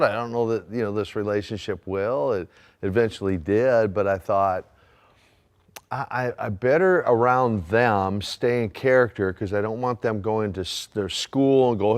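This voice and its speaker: A man's voice: lowish voice, moderate pace. A man from Minnesota telling a family anecdote in an interview clip, chatty and amused. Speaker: interviewed wrestler in archive clip. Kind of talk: storytelling interview.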